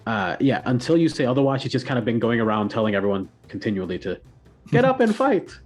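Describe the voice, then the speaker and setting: A man narrating as game master, relaxed and pausing often with fillers. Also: fairly low pitch, soft background music. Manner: relaxed, with frequent filler pauses.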